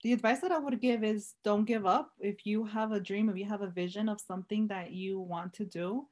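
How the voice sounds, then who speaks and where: Business-owner guest, woman, relaxed chatty storytelling, mid pitch. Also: fairly quick. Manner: casual, says "like" a lot, warm chatty storytelling. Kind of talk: casual interview chat.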